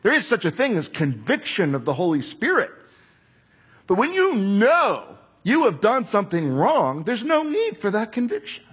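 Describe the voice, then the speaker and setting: Guy preaching a sermon, husky voice, chatty, acts out little quotes. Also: high-pitched, wildly swooping pitch, normal speed, a bit bright. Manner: conversational preaching, acts out quoted voices, drops to a whisper at times. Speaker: pastor.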